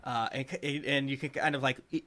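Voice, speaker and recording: A man's voice: medium pitch, fairly even intonation, a little fast, pushed and bright. A man running a tabletop game as dungeon master, narrating playfully with lots of fillers. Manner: playful, rambling, with many fillers.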